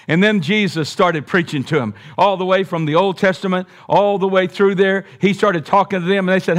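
A man's voice: high-pitched, brisk, fairly bright tone. A man preaching a sermon in an emphatic, folksy way with joking asides.

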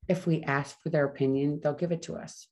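A middle-aged woman talking fast and casually in a solo podcast monologue, often correcting herself as she goes. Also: sits low, fairly even intonation, darkish tone. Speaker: podcast host.

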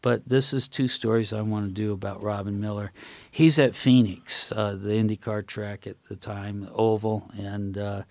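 An older man, a retired racing crew member appearing as a guest on a casual talk show, rambles through racing anecdotes with chuckles. His voice is fairly low and darkish, and the recording is dry.

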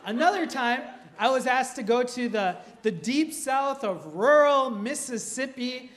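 A man's voice: very high voice, expressive, unhurried, a bit bright. A young man from Minnesota preaching a sermon, telling humorous stories and laughing through them. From Minnesota, USA. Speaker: pastor. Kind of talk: storytelling sermon.

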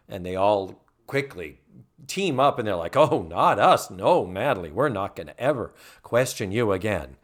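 A man's voice: lowish voice, lively intonation, normal speed. A man co-hosting a casual podcast, recapping a TV episode and acting out the characters' lines. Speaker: podcast co-host.

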